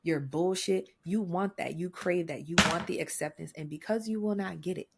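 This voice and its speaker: A young adult woman co-hosting a podcast, talking in blunt, profane, animated rants in casual chat. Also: lowish voice, moderate pace, gravelly, very noisy. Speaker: podcast co-host.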